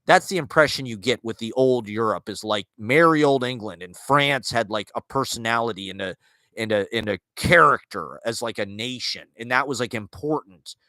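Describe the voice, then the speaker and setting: A man with a bright, forceful voice talks in a loose, wandering monologue, circling his points with fillers and restarts. The sound is dry and close, with no room around it. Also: mid-range voice, normal speed, dry recording. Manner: rambling, filler-heavy, restarts, wry asides. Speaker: podcast host. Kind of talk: casual monologue on literature and culture.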